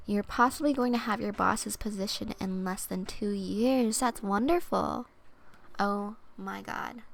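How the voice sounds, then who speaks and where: A young woman streamer reading oracle cards in a soft-spoken ASMR style, chatty and thinking aloud. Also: mid-range voice, normal speed, creaky.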